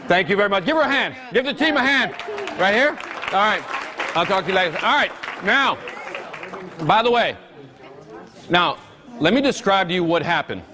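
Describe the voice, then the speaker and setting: A man's voice: high-pitched, very animated, moderate pace, pauses often, a crowd in the background, noisy background. A man running a live interactive business workshop, energetically quizzing his audience. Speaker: workshop trainer.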